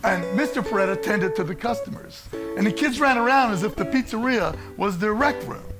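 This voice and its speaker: Animated older male storyteller. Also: sits high, brisk, music in the background. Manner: animated, laughing between lines. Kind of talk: theatrical solo storytelling.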